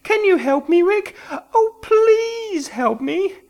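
A man voicing a frightened, rich young wife who pleads desperately in a high, tearful falsetto. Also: unhurried. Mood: desperate pleading.

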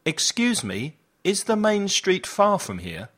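A man's voice: high-pitched, huge pitch swings, slow pace, fairly bright tone. A man reading travel phrases aloud for learners, one at a time, each with a falling end. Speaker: phrase reader for language learners.

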